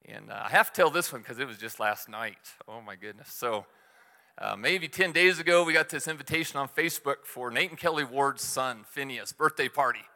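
A middle-aged man delivers a sermon in a relaxed, conversational storytelling way, poking fun at his own mistakes. His voice is bright and forceful. The recording carries the long reverb of a large hall. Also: mid-range voice, fairly quick, gravelly. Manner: conversational storytelling with self-deprecating humor. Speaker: church speaker.

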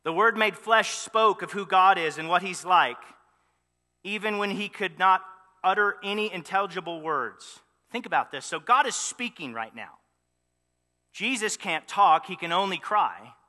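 A man's voice: sits high, expressive, moderate pace, sharp tone, big-room sound. A man preaching a sermon, telling the story with animation and many rhetorical questions. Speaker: pastor.

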